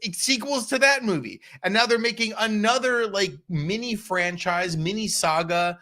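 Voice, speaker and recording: A man's voice: high-pitched, normal speed. Wry man podcast co-host. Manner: wry, deadpan asides. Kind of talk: casual chat.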